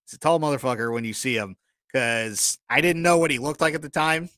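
A man's voice: a little high, brisk, fairly bright tone, no echo. A man co-hosting a podcast, telling rambling stories in casual chat and often apologizing for his own jokes. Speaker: podcast co-host.

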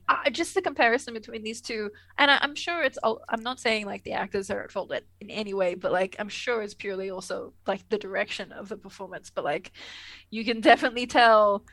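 A woman's voice: on the high side, a little fast, fairly bright tone, dry recording. A woman co-hosting a podcast, chatting casually and rambling with lots of fillers and laughs. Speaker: podcast co-host. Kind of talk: casual chat.

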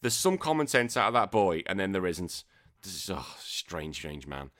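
A man's voice: sits low, very animated, moderate pace, fairly bright tone. A man with a Northwest English accent, hosting a podcast in a casual, rambling, sweary way. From northwest England. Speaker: podcast host.

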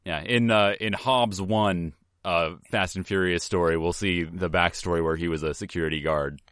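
A man co-hosting a podcast in a casual movie-recap chat, recounting scenes at length in a relaxed way. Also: deep voice, normal speed, clean tone, no room sound, clean studio sound. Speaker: podcast co-host.

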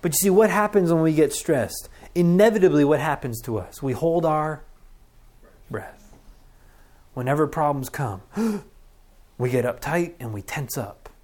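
A middle-aged man preaching a sermon as pastor, earnest and conversational, acting out deep breaths. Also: expressive, unhurried, darkish tone.

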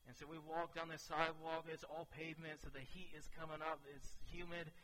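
Bright-voiced young man preaching. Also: on the high side, fairly quick, slight background noise, low-quality recording. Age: 20s. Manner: animated storyteller. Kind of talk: sermon with a personal story.

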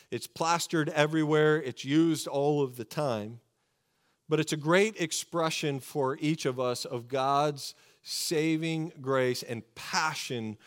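A man preaching a sermon to his congregation, earnest and fervent, slowing down to stress key words. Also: medium pitch. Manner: earnest, fervent preaching with slow emphatic pauses. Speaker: pastor.

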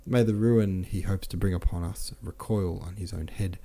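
A man's voice: sits low, steady tone, normal speed, mellow. A man reading the lines of a young woman carefully reading out a solemn proclamation.

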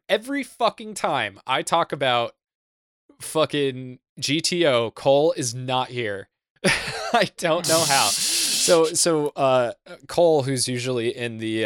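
Young male podcast host, loose and profane, full of fillers; smooth, clear voice, dry close-mic sound. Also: mid-range voice, fairly bright tone, dry recording. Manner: rambling, profane, lots of fillers and restarts. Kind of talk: casual podcast chat.

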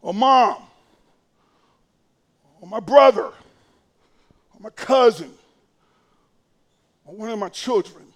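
A middle-aged male pastor with a strikingly high voice delivers a sermon. He talks folksy and conversational, then suddenly raises his voice to a shout for emphasis before dropping back to a near hush. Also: takes it slowly, pauses often. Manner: impassioned preaching that swings between hushed and shouted.

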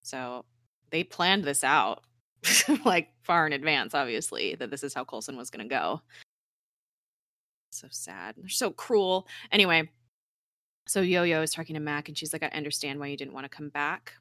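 Her low voice keeps a moderate pace, captured at studio quality without echo. She's co-hosting a casual podcast, going over a TV episode with plenty of laughter, animation and emotional, teary moments.

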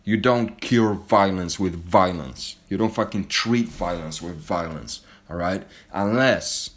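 A man's voice: sits low, measured pace. A man delivering an angry, heavily profane monologue straight to camera, blunt and heated.

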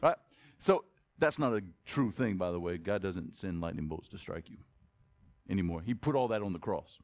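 A male pastor with a low voice preaches at a moderate pace, animated and conversational, jumping from loud exclamations to quiet asides and putting questions to his congregation. There is no room sound.

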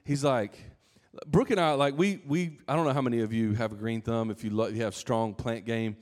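A man's voice: mid-range voice, brisk, a little mellow. A man preaching a sermon in a casual, conversational way, with asides and restarts. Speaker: pastor.

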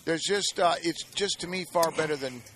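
A man's voice: a little high, moderate pace, a bit bright, a little hiss or hum. A man co-hosting a cooking show, joking and rambling with many fillers. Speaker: co-host. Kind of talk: casual cooking show banter.

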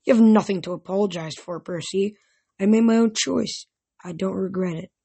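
The gentle ghost of a teenage girl, soft and calm, as a woman reads her aloud in a storybook. Breathy and husky in tone. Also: medium pitch, normal speed.

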